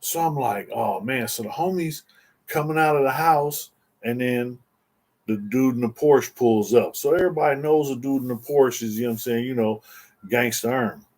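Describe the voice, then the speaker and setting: With a slightly mellow, medium-pitched voice at a moderate pace, a man tells a story as an interview guest. It's casual, slangy street talk: he rambles, restarts, repeats words, and keeps saying "you know what I'm saying."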